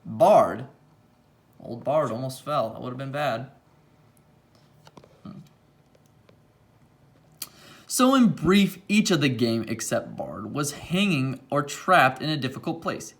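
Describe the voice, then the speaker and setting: A man reading a rhyming picture book aloud, pausing now and then for quiet asides about the pages. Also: mid-range voice, very animated, gravelly.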